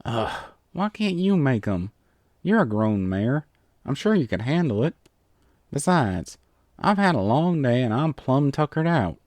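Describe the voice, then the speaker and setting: A man's voice: medium pitch, very animated, measured pace, a little mellow, no echo, pitched above the performer's own voice. A man voicing a blunt, sleepy country mare with a put-on Southern drawl, grumbling dryly in a storybook reading. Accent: American Southern (put on). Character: blunt sleepy country female earth pony.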